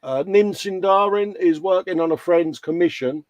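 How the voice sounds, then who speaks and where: A man's voice: high-pitched, moderate pace, no echo. A man co-hosting a casual livestream chat, bantering and calling people mate. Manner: chatty, banters and yawns, calls everyone mate. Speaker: livestream co-host.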